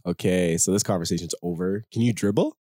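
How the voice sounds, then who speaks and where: A man's voice: low-pitched, a little fast, warm tone. A man co-hosting a podcast, bantering casually and teasing his partner in a playful way. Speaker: podcast co-host. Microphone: studio microphone.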